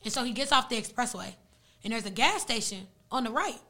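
On a podcast, a young woman whose native language is Arabic recounts a story in an easygoing, lively, slang-heavy manner. She speaks at a fairly high pitch and a little quickly.

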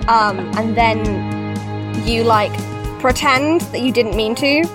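A woman runs a tabletop game with a fairly high voice, often stopping mid-sentence to search for words and filling gaps with ums. Music plays clearly in the background. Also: slow pace. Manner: rambling, searches for words with many fillers. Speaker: game master.

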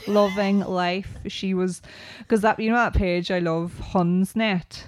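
A woman's voice: mid-range voice, steady tone, slow, darkish tone, dry recording. A woman in her thirties with a rural Irish accent, co-hosting a podcast and telling stories in a chatty, casual way. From Ireland. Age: 30s. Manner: chatty, storytelling with lots of "like" and "right?". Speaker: podcast co-host. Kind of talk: casual chat.

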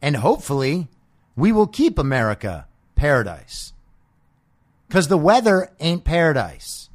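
A man's voice: a little high, big pitch swings, normal speed. A man hosting a political podcast, delivering a combative, profane monologue full of sarcastic rhetorical questions. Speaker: podcast host.

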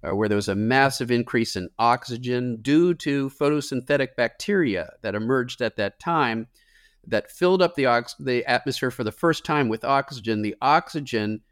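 A man's voice: medium pitch, moderate pace, clear, resonant tone, no echo, clean studio sound. A climate scientist man answering interview questions in an earnest, explanatory way with occasional fillers.

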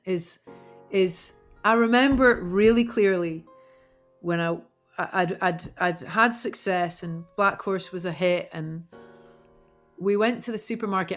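Woman, podcast guest, lively storyteller, swears a lot, laughs, faint music. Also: medium pitch. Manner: animated storyteller, swears freely, laughs often. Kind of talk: casual interview chat.

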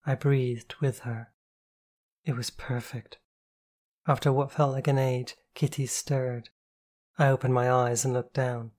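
An audiobook narrator, a woman with a bass voice, reads a first-person novel aloud in a calm, slow, intimate way.

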